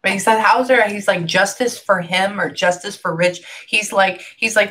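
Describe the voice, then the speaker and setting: A psychic medium conducts a reading session in a bright, forceful, mid-range voice, speaking a little fast with few pauses. She frequently breaks off to listen, then relays the messages she hears as quotes.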